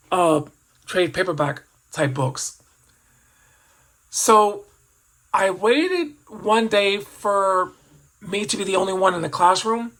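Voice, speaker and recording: A man's voice: high-pitched, a bit bright, low-quality recording. A man in his fifties telling a personal childhood story as a toy collector vlogger. He rambles and reflects, restarting sentences and adding asides as he goes.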